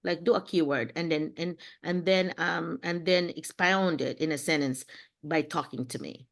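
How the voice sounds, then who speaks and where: A woman's voice: low voice, normal speed, vocal fry. A woman from the Philippines, mentoring teachers on a video call and checking in often with "okay?" and "you know".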